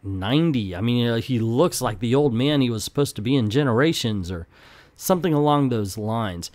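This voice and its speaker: Animated, opinionated man reviewing comics. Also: mid-range voice, no echo. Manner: opinionated, animated, talks with hands. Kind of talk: casual spoken review. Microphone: close desk mic.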